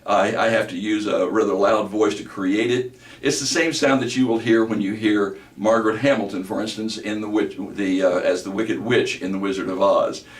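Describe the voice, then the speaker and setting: Bass-voiced man lecturing in an echoey room. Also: fairly even intonation. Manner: measured, explanatory, with occasional filler hesitations. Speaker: voice trainer. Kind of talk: instructional lecture. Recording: roomy echo, distant mic.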